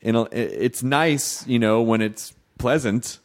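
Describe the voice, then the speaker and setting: Male podcast guest, loose rambling talker who jumps into high-pitched impressions of people. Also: unhurried. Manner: rambling, self-interrupting, acts out quotes in high voices. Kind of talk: casual podcast chat.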